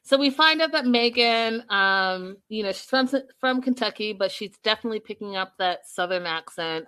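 Bright-voiced, chatty woman host. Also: mid-range voice, smooth. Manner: chatty, addresses viewers directly. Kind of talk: live reality-show recap chat.

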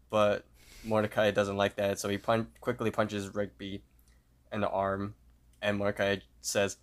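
A man's voice: lowish voice, moderate pace. A man co-hosting a podcast, retelling a cartoon episode scene by scene in a casual way. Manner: steady play-by-play retelling with fillers. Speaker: podcast co-host.

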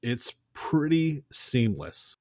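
A man's voice: medium pitch, very animated, drawn-out words, dry recording, studio quality. A man co-hosting a podcast, casually retelling a movie scene in a rambling, chatty way. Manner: rambling, chatty, acts out quotes. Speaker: podcast co-host.

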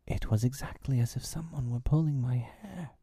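A man voicing an eager, excitable young girl in a breathy, whispered role-play. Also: medium pitch, moderate pace, no room sound, voice pushed up.

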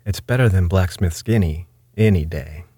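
A man's voice: low voice, normal speed, dark tone, slightly rough, no room sound. A man voicing a homely country landlord who speaks in plain, simple words. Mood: plain, bothered. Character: worried, plain-spoken male farmer and landlord.

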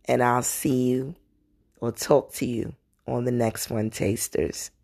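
A woman, hosting a podcast and telling a story in a chatty, animated way with laughing asides. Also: a bass voice, slow. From New York. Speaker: podcast host. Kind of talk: casual storytelling.

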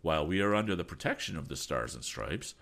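Casting: a steely sea captain, measured and grave, read by a man for a storybook, lively pitch. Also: creaky, full character voice. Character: steely, calm middle-aged sea captain.

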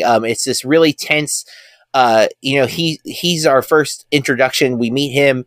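A man's voice: mid-range voice, a little slow, a bit bright, no room sound, clean studio sound. Rambling man chatting about movies and games. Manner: rambling, filler-heavy, enthusiastic about films. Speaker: podcast co-host. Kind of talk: casual chat.

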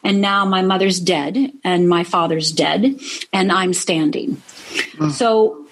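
A middle-aged life coach from Upper Michigan tells a personal story in an interview, speaking slowly in a fairly low voice with fairly even intonation. She is earnest and keeps checking in with "right?"

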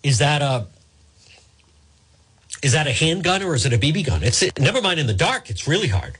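A man's voice: fairly high pitch, sing-song, a little fast, a bit bright, husky. A male radio host, chatting live on air while fighting hiccups and apologizing with self-mocking humor. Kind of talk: live talk radio, casual.

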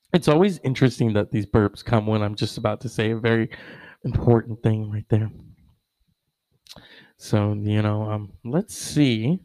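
A man's voice: mid-range voice, dark tone, no room sound, poor audio. A man hosting a casual online show, rambling with many fillers and wry asides.

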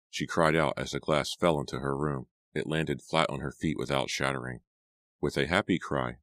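A man reading an audiobook aloud, with measured, dramatic narration. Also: a bass voice, no echo.

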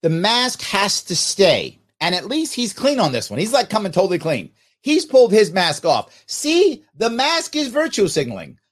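A man's voice: high voice, huge pitch swings, moderate pace, hardly any pauses, a bit bright. A man hosting a podcast, delivering mocking, sarcastic political commentary. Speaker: podcast host.

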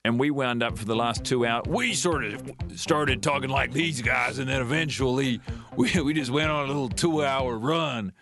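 A man's voice: mid-range voice, moderate pace. A man with a New Zealand accent in easygoing casual chat, laughing often.

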